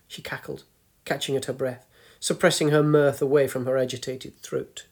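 A man narrating a story in a measured, gently descriptive way. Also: mid-range voice, level tone. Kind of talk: scripted narration.

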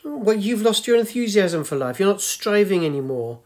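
A man doing a curt, hurried young man. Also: high voice, very animated, a little mellow, voice pushed up. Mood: flustered. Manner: curt, flustered, defensive. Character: brisk, hurried young man, a software engineer. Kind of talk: storybook reading.

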